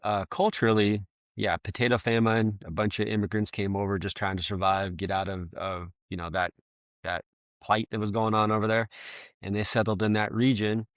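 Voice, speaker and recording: A man's voice: lowish voice, little pitch movement, normal speed, no room sound, clean studio sound. A man talking as a podcast guest in a casual, rambling, self-deprecating way, laughing often. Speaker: guest, firefighter bagpiper.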